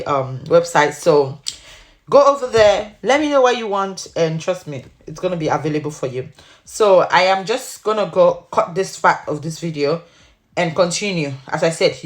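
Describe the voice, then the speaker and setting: A low-pitched woman explains her wig-making steps in a casual, sassy way. She calls her viewers honey and sweetheart as she works, talking into the camera mic. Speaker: wig maker showing her craft. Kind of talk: casual tutorial talk to viewers.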